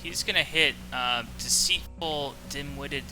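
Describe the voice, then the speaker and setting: A man playing a tabletop game, describing his character's attack in an animated, stumbling way with swearing. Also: on the high side, unhurried, music in the background. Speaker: player.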